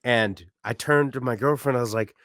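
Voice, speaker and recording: A man co-hosting a podcast, telling a story in casual chat and acting out loud shouts along the way. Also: mid-range voice, moderate pace, no room sound, clean studio sound. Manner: loud, animated storyteller who acts out shouts. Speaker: podcast co-host. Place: apartment room.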